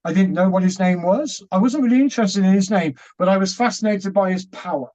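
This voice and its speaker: A British man telling his story as an interview guest, animated and laughing as he acts out what was said. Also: high voice, fairly quick, rough recording.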